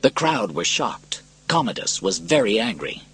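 A man reads an adventure story aloud with a husky, low voice. He swings his pitch widely to dramatize the action. Faint music plays underneath. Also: moderate pace. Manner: dramatic, lively reading. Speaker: narrator. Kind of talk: scripted storybook narration.

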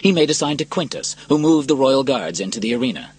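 A man narrating an adventure storybook in a dramatic, lively reading style. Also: medium pitch, fast, slightly rough, faint music behind.

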